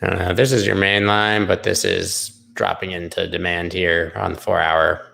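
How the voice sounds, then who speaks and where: A man's voice: sits low, level tone, moderate pace, creaky, bright, forceful tone. A man hosting a live crypto charting stream, rambling sarcastically with tangents and the odd swear. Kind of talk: casual live-stream commentary.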